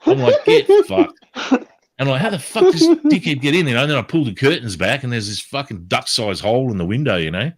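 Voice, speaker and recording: A man's voice: mid-range voice, quick pace, hardly any pauses, slight background noise. A man telling a story in casual chat, swearing constantly and acting out what people said. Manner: swears constantly, animated, acts out quotes. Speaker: livestream host.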